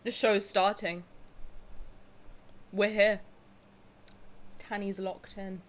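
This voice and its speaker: A young woman streamer chatting casually and excitedly to her viewers, dramatic and joking crudely. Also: mid-range voice, very slow. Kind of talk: casual livestream reaction chat.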